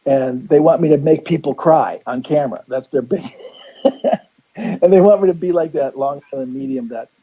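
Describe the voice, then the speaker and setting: Through narrow, tinny audio, a man guesting as a psychic on the radio tells a meandering story at a moderate pace in a high-leaning, breathy voice. He keeps restarting sentences and acts out what people said.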